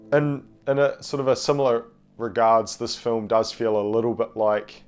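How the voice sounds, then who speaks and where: A man's voice: mid-range voice, fairly even intonation, unhurried, a little mellow, clean tone, faint music behind. Nasal man with a cold, rambling. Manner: rambling, hesitant, many fillers and restarts. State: has a cold. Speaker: film review channel host. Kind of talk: casual video review.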